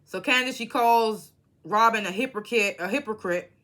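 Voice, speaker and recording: Woman, casual recap vlogger, bright, blunt and profane, animated storyteller. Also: a little high, normal speed.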